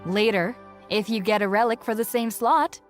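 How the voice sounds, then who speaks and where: A woman's voice: a little high, fairly even intonation, normal speed, soft background music, close to an everyday voice. An actress playing a young female co-host in a scripted game broadcast, explaining features step by step.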